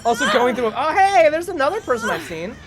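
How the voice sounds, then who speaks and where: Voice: high voice, big pitch swings, fast, over a noisy crowd, heavy background noise. A streamer giving casual live gaming commentary, chatty, self-mocking and swearing freely.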